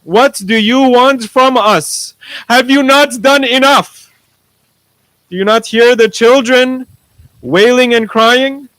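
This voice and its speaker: A preacher voicing a forgiving holy leader. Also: male voice, sits high, slow, no room sound, low-quality recording. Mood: reassuring. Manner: gentle, reassuring. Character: calm, forgiving holy leader, grown man.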